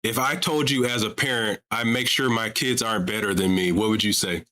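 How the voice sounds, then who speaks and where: A man's voice: on the low side, steady tone, brisk, sharp tone. A man hosting a live call-in stream about religion, talking casually and pressing his audience with repeated rhetorical questions. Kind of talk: casual livestream talk.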